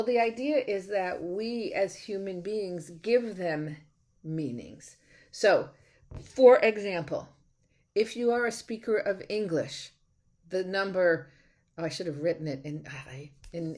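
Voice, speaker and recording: Chatty lecturing woman, slightly low voice. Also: animated, a little slow, a little mellow. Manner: chatty and enthusiastic, with frequent restarts. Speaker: college instructor. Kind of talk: recorded lecture.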